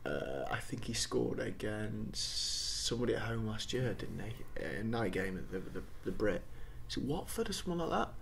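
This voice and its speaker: A man's voice: on the low side, sing-song, moderate pace, gravelly, fairly bright tone, slight background noise. A man co-hosting a casual football podcast, conversational and agreeable, often ending with tag questions. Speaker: podcast co-host.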